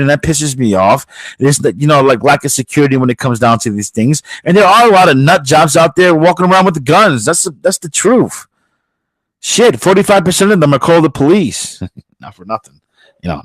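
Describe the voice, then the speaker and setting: A man's voice: on the high side, no echo, rough recording. A man hosting a podcast, ranting aggressively with heavy swearing and mocking the people he talks about. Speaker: podcast host. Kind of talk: profane ranting commentary.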